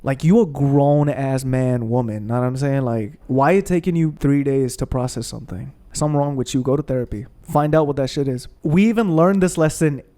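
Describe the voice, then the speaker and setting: A man's voice: mid-range voice, a little fast, hardly any pauses, warm tone. A man streaming gameplay who rants bluntly and with heavy swearing. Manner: heated, profane, blunt. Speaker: gaming streamer. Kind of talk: ranting commentary over gameplay.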